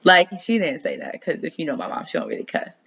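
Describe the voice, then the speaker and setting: An astrology vlogger with a deep voice talks fast, her pitch swooping wildly, with a slightly bright tone and a breathy edge. Rambling and swearing freely, she chats casually about her dreams and astrology over lo-fi sound.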